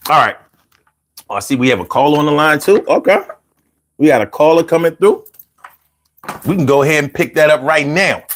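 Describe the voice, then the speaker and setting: Animated man hosting a call-in show. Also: a little high, brisk, pauses often. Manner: animated and playful, chants the number rhythmically. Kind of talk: casual livestream talk.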